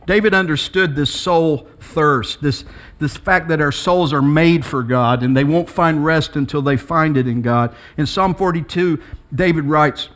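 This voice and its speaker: Animated man preaching a sermon. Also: a little slow. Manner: animated storytelling with acted-out dialogue; pitch leaps high for emphasis. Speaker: pastor.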